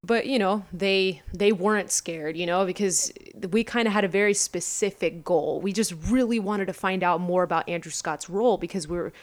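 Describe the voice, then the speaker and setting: A woman's voice: medium pitch, moderate pace, few pauses. A young adult woman co-hosting a casual fan chat, telling a long story in a rambling way with lots of fillers. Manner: rambling storyteller, heavy on fillers like "you know".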